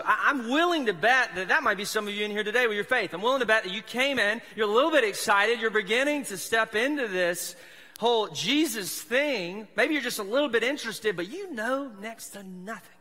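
A man's voice: high-pitched, bright, forceful tone. A man from South Mississippi with a Southern accent, preaching a casual, joking sermon as a pastor in a church. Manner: chatty, self-deprecating, joking. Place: church sanctuary. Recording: long hall reverb in church.

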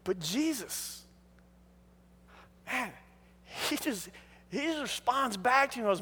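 A male pastor preaching an animated sermon in a church hall. His voice sits very high and forceful, full of restarts. A long reverb rings behind every phrase. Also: slow pace, long pauses, breathy edge. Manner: animated storytelling, frequent restarts.

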